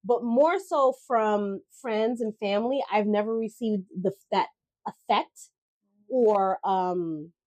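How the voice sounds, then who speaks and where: A woman co-hosting a podcast in casual chat, talking in a reflective, halting way with frequent fillers and restarts. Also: medium pitch, darkish tone, dry recording. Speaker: podcast co-host.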